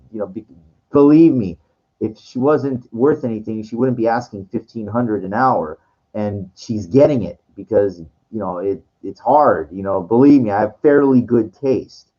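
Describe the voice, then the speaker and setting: A man's voice: fairly low pitch, dark tone. A man telling a long personal story in casual monologue, rambling and full of fillers and restarts. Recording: dull lo-fi recording.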